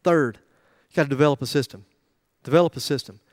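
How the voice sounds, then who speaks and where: A man's voice: fairly high pitch, fast talker, no echo, studio quality. A middle-aged man preaching a sermon in a joking, conversational way, with asides to the congregation. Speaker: pastor.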